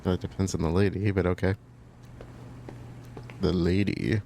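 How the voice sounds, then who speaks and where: Gravelly low-voiced man commentating gameplay. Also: rapid-fire, a little hiss or hum. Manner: relaxed, thinking aloud, chatty asides. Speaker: let's play host.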